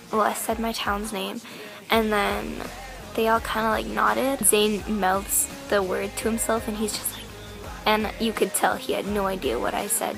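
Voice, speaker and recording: A young woman telling an excited, rambling story to the camera, full of "like" and acted-out quotes of herself. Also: mid-range voice, creaky. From Canada. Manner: gushing, filler-heavy, quoting herself. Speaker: vlogger.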